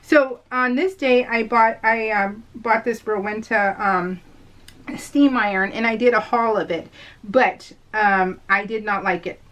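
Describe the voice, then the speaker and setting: A woman's voice: fairly high pitch, a little slow, a bit bright. Chatty rambling woman vlogger. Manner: rambling, lots of fillers, addresses viewers as "you guys"; laughs often while telling stories. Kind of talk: casual chatty voice-over.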